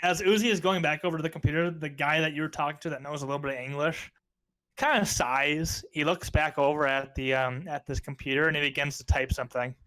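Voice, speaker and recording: A man's voice: fairly high pitch, steady tone, fast talker, pushed and bright. A man narrating as game master of a tabletop game, hesitant and full of ums.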